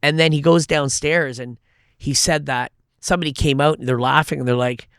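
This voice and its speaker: Smooth-voiced Canadian man telling stories. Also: a little high, fairly quick, no room sound, clean studio sound. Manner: profane, animated storyteller. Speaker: mentalist guest. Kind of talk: casual storytelling and mentalism demo.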